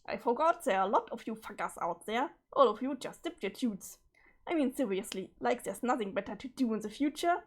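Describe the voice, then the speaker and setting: A hot-tempered teenage troll boy leader rants and swears his way through a group chat, as a woman reads him aloud. The voice sits a bit high and stays sarcastic and bossy. It sounds like a webcomic read aloud on a stream. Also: expressive, fairly quick. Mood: ranting.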